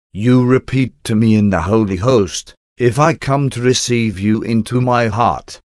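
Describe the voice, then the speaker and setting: Low-voiced man reading a reverent prayer. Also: a little mellow, no echo, studio quality. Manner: measured, reverent reading in short phrases. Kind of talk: reading a devotional prayer aloud.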